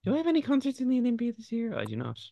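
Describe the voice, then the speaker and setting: A man's voice: very high-pitched, huge pitch swings, racing, vocal fry, dark tone, no echo. A young man co-hosting a podcast in casual chat, giggly and rambling, often restarting mid-thought. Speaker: podcast co-host.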